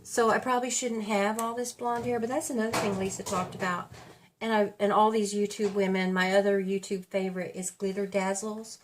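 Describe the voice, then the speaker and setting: The delivery is flat and fairly quick in a mid-range voice, with a little hiss or hum present. A woman in her fifties chats casually as a beauty vlogger getting ready at home, rambling and correcting herself.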